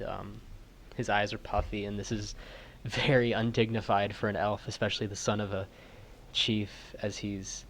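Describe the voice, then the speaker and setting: A man playing a tabletop role-playing game, describing his character in slow, hushed, emotional storytelling. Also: lowish voice, slight background noise. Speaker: player.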